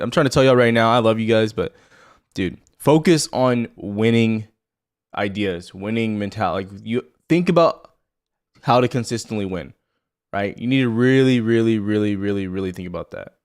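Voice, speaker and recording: A man's voice: lowish voice, lively intonation, brisk. A man hosting a live market commentary stream in a loose, unscripted way. He rambles, swears freely, and speaks straight to his viewers in a blunt, chatty tone. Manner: rambling, blunt and profane, addresses viewers directly. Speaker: stock trading livestream host.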